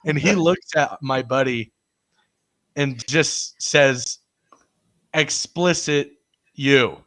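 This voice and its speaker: A man's voice: medium pitch, takes it slowly, fairly bright tone. A man co-hosting a casual sports chat, telling a story with frequent laughs. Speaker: podcast co-host.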